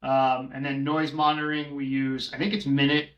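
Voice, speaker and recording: A man's voice: medium pitch, little pitch movement, normal speed, muffled recording. Casual man with roomy echo. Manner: rambling, many filler ums, listing prices. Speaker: co-host, short-term rental manager. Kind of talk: casual podcast chat.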